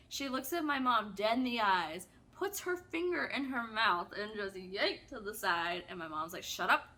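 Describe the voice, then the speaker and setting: Bright-voiced chatty woman storyteller. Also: fairly high pitch. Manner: chatty, animated, self-described drama kid. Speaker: gaming streamer. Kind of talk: casual storytelling while gaming.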